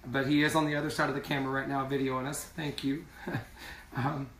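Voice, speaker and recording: A man's voice: mid-range voice, little pitch movement, a little fast, a bit bright, a little hiss or hum. A man singer in a casual live video chat, speaking earnestly and repeating words for emphasis. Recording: roomy sound from far off.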